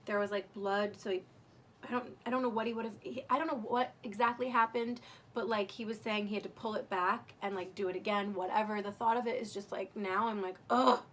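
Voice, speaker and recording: A woman's voice: mid-range voice, steady tone, fairly quick, fairly bright tone, slight background noise. A young woman candidly recounting her birth story in casual, emotional storytelling, swearing freely.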